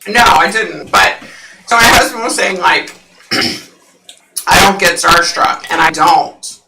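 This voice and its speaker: A woman hosting a psychic livestream, chatting casually with viewers and laughing often; her voice sounds unusually deep through the mic. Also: slow pace, pushed and bright, roomy sound, far from the mic, rough recording.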